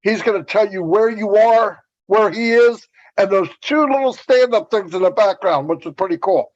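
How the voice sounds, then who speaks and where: A man with a fairly high voice hosts a livestream in a relaxed, easygoing way. He reads viewer shout-outs over a video call. The audio sounds slightly dull and lo-fi. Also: moderate pace. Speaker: host. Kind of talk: casual livestream hosting.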